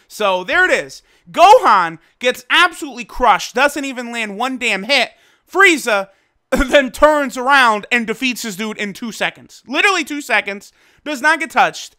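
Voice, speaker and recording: Male reviewer, casual and excitable; high, crisp voice. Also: moderate pace. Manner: excitable, loose slang, lots of fillers. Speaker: anime episode reviewer. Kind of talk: casual commentary.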